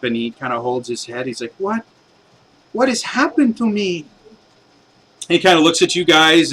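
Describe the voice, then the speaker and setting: A man's voice: medium pitch, pushed and bright, slight background noise, low-quality recording. A man narrating as game master, rambling with many fillers and restarts as he describes the scene.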